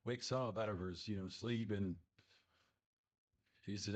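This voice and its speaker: A man casually telling a family ghost story in a rambling, halting way full of fillers. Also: lowish voice, fairly even intonation. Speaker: listener telling a submitted story.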